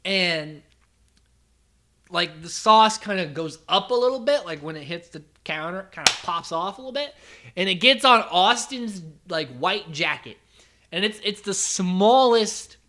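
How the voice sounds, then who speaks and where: Bright, rambling reality-TV recap host. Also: mid-range voice, expressive, measured pace. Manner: rambling and chatty, lots of "like", swears casually. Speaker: podcast host.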